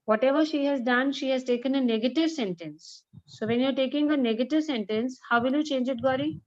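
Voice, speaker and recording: Encouraging teacher, muffled. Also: female voice, high voice, darkish tone. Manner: encouraging, repeats example sentences slowly. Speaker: English teacher. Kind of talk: online grammar class with students.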